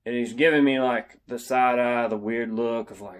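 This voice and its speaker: A young man casually telling a funny story, animated and yelling out the lines he quotes. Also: medium pitch, normal speed, few pauses.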